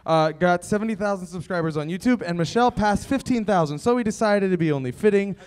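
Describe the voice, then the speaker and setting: A man hosting a live convention panel, energetic and announcing with quick restarts. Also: sits high. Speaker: panel host. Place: convention stage before a live audience.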